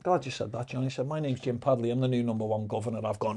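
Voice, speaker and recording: A middle-aged man, a podcast guest telling lively, profane anecdotes in casual storytelling. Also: mid-range voice, fast, hardly any pauses. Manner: swears freely, lively anecdotes.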